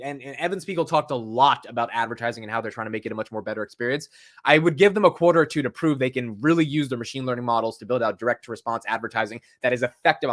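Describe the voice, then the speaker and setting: A young man calls out stock prices on a live stream in a relaxed, loose way. He restarts sentences, swears now and then and wanders between topics, his voice sitting in an ordinary middle pitch. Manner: rambling, frank, self-interrupting with swearing. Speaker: stock market livestream host. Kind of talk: casual live market commentary.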